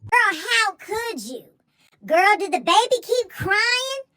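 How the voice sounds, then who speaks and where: A woman's voice: extremely high pitch, big pitch swings, takes it slowly, pushed and bright, pitched above the performer's own voice, full character voice. A woman voicing a group of shocked young women friends, scolding in squealing exclamations. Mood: scandalized.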